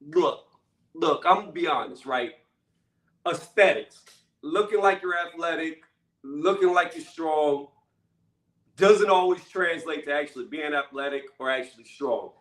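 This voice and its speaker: A man with a high, tense, bright voice delivers a blunt commentary rant, pressing each point and tagging it with "okay?" or "right?". The sound is roomy and echoing, with the mic set back from him. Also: measured pace, pauses often. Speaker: channel host. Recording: echoey room, mic at a distance.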